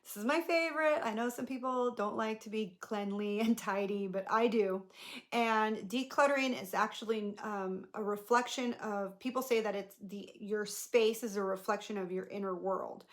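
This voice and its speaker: A woman life coach and podcast host giving casual motivational talk to camera, conversational and rambling with lots of fillers, turning soft and gentle when she reassures. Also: mid-range voice, steady tone, moderate pace.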